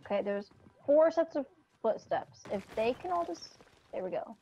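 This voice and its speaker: Teasing woman with a lively voice. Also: on the high side, normal speed, a little hiss or hum. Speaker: co-player. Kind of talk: casual gaming chat. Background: game music.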